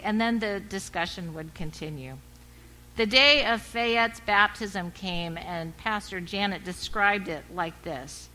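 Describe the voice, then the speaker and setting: A woman pastor giving a sermon, telling a story in a measured, reflective way. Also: fairly low pitch, sharp tone, rough recording.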